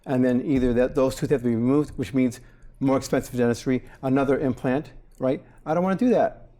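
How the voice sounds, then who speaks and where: This is a forties-aged man guesting as a dentist in a casual interview, his mid-range voice warm, mellow and brisk. He lays things out plainly and brings them to life storyteller-style with small impressions of patients and staff.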